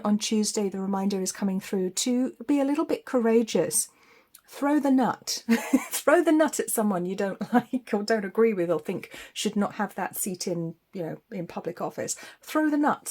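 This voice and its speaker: A woman's voice: mid-range voice, dark tone. A woman giving a weekly psychic tarot forecast in a chatty, spiritual way, laughing often.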